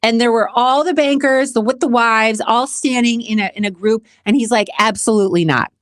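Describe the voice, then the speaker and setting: A woman's voice: a little high, steady tone, moderate pace, no room sound, studio quality. Candid woman telling a personal story. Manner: emotional, repeats herself, addresses viewers as guys. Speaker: host of a self-help channel.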